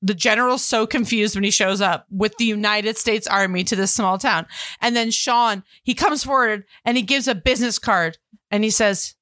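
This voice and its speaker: A woman co-hosting a casual movie podcast, retelling scenes in an animated, gushing way. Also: mid-range voice, normal speed, dry recording, studio quality. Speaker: podcast co-host.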